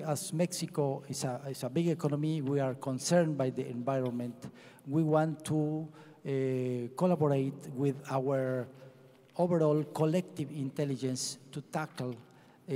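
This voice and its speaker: Man, agency head, mellow dark voice, halting and restarting, long hall reverb. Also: mid-range voice. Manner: halting, many restarts and fillers. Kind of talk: conference speech. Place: large conference hall. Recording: echoey large hall.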